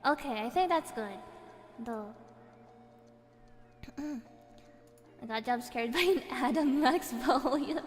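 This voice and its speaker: A woman, reading a viewer's horror story on a live stream, playful and breaking in with laughing comments. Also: a little high. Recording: reverb effect added, faint background music.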